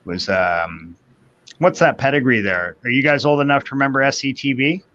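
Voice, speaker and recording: A man's voice: mid-range voice, fairly quick, pushed and bright. A Canadian man in his fifties, telling a long personal story in casual chat as a guest. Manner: rambling anecdotal storyteller, quotes others in voices. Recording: dull lo-fi sound.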